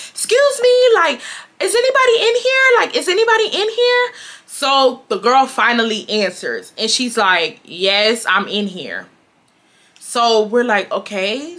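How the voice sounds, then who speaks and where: A woman in her twenties from Houston, telling a storytime to her viewers in a chatty, animated way and calling them y'all. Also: medium pitch. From Houston, Texas. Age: 20s. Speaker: storytime vlogger.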